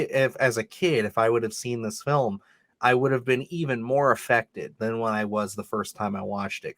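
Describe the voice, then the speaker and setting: A man's voice: on the low side, fairly bright tone, no echo, clean studio sound. A man co-hosting a casual podcast chat about a film, rambling with lots of "like" and "you know.". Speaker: podcast co-host.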